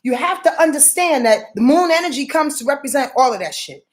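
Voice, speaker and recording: Late-40s New woman, high-pitched, emphatic profane astrologer with a repetitive preacher's cadence. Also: expressive, a little fast. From New York. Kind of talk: casual weekly astrology rundown.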